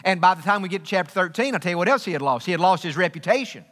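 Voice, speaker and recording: A man preaching with a high, bright, ringing voice that carries through a big, echoing sanctuary. He hammers his points home through repetition and folksy asides. The long reverb trails after each phrase. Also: expressive, very fast. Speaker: pastor. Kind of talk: sermon. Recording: long reverb of a large hall.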